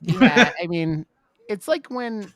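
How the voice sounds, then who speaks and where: A man's voice: sits high, expressive, slow pace, bright, forceful tone, no echo. A man hosting a podcast, rambling casually with lots of swearing and restarts. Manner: profane, rambling, many restarts. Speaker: podcast host.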